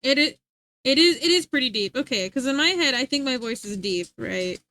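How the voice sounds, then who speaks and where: A woman's voice: sits high, lively intonation, brisk, sharp tone, no room sound. A young woman streaming live, chatting casually with her viewers, giggling and rambling as she reads the chat.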